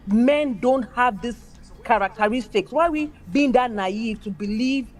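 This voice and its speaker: A woman's voice: fairly high pitch, measured pace. A woman speaking emphatically in casual chat, mimicking other people's voices as she makes her points. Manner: emphatic, acts out quoted people.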